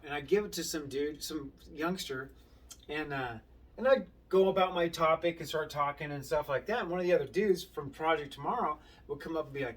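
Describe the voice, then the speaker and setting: Animated man telling prison stories, slightly off-mic. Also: on the high side, brisk, distant mic. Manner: animated, acts out quotes, swears casually. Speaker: former inmate sharing his story. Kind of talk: casual storytelling monologue.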